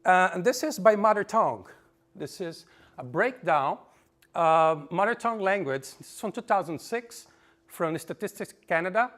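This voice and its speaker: A man giving a conference talk, reading figures off slides with frequent fillers and pauses. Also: sits high, expressive, fairly bright tone. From Brazil. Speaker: conference presenter. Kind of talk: lecture with slides. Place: conference room.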